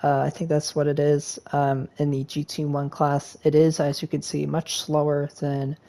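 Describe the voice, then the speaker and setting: Dude chatting over his racing game laps, lots of ums, kinda gravelly and mellow. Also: fairly high pitch, completely flat delivery, moderate pace. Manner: rambling, with frequent ums and uhs. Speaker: sim racing video creator. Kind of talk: casual gameplay commentary.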